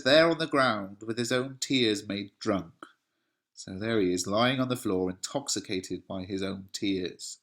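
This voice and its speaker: A man's voice: deep voice, gravelly, pushed and bright. A man, an English teacher, paraphrasing a play line by line in a casual way. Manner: plain paraphrasing, casual fillers.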